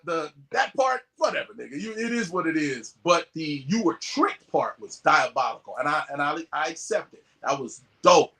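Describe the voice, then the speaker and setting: Animated male storyteller, bright tone, curses freely, jumps into quoted voices. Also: a little high. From US West Coast. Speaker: podcast guest. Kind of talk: casual storytelling.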